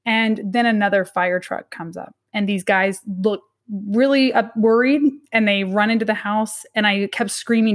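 Woman, 30s, interview guest; earnest and halting, restarts often, mid-pitched voice. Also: fairly even intonation. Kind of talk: personal story in an interview.

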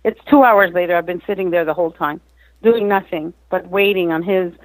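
Woman guest author, animated storyteller with restarts, dry close sound. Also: on the low side, a little fast, no echo, low-quality recording. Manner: lively, acts out quotes, frequent restarts. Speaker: guest, author and mindset coach.

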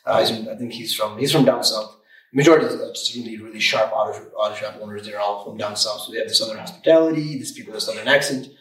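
A man who owns an auto repair shop, talking in an energetic, emphatic way on a podcast and often repeating words. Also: lowish voice, quick pace, roomy sound, far from the mic, low-quality recording. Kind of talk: casual podcast chat. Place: room, recording a podcast.

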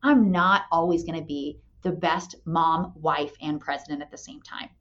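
Woman, 30s, candid motivational talker, lowish voice, muffled lo-fi recording. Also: moderate pace, a bit bright. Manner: candid, storytelling, frequent "right?". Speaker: company president and mother. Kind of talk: motivational talk. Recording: dull lo-fi sound.

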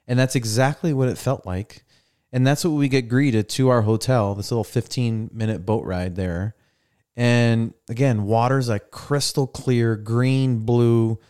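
A man's voice: medium pitch, a little slow, clean tone. A young man hosting a podcast, chatting casually and acting out the people in his stories. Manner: animated storyteller, acts out people's lines. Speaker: podcast host. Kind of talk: casual chat. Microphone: studio mic.

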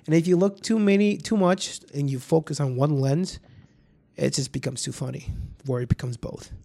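A man's voice: on the high side, moderate pace, gravelly, dark tone. A man hosting a podcast, telling a story in rambling casual chat, full of restarts and swearing. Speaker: podcast host.

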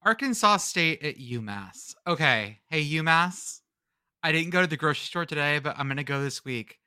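A man's voice: fairly high pitch, lively intonation, normal speed, pushed and bright, smooth, no echo, clean studio sound. A man co-hosting a casual college football podcast, riffing jokes and stumbling over his words. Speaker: podcast co-host. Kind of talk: casual sports chat.

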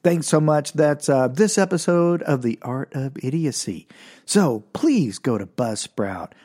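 A man from Oklahoma, a podcast host telling a comic story with wry asides, loud punchlines and low muttered remarks. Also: expressive, unhurried. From Oklahoma, USA.

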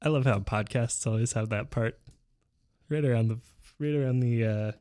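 A man's voice: medium pitch, normal speed, a little mellow, no echo. A man co-hosting a comedy podcast, reading his own parody romance and joking wryly. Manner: giggly, wry banter. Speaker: podcast co-host and writer. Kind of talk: comedic reading and casual chat.

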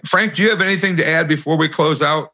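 A man's voice: on the high side, fast talker, bright, forceful tone. A man hosting a podcast, chatting casually with his guests and thanking them. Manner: friendly, chatty, with fillers. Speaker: podcast host. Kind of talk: casual interview chat.

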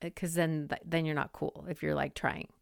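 Chatty, smooth-voiced woman podcaster. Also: low voice, flat delivery, moderate pace, dry recording, studio quality. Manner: chatty, rambling, lots of "like" and "um". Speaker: podcast host. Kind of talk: casual monologue.

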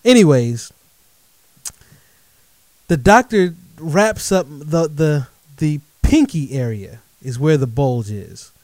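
A middle-aged man telling a true story in a lively monologue, speaking directly to his listeners. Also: fairly high pitch, slow pace, dry recording. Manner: animated, addresses audience directly as folks.

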